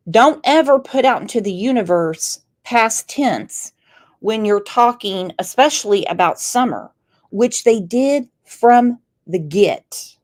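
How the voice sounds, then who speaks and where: Woman doing true crime commentary, kinda high voice, slow and sarcastic. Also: animated, darkish tone. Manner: sarcastic, incredulous. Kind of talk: opinionated commentary.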